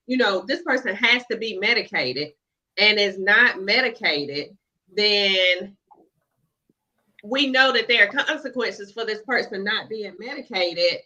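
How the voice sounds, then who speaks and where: A woman's voice: medium pitch, bright, forceful tone. A woman, co-hosting a casual discussion over a video call. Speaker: co-host. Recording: dull lo-fi call audio.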